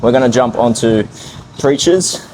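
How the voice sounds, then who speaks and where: A man's voice: mid-range voice, measured pace, noisy background. A man vlogging casually from a gym, chatty and hyped as he talks through his workout. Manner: hyped, chatty, self-amused. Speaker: fitness vlogger. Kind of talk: casual vlog commentary.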